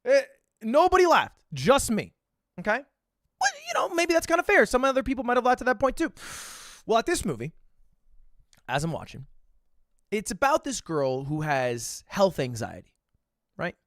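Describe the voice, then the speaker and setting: A man in his twenties, a streamer telling a story in casual chat, animated and swearing, with sudden bursts of loud laughter. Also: high voice, normal speed, pauses often, no echo, studio quality. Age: 20s.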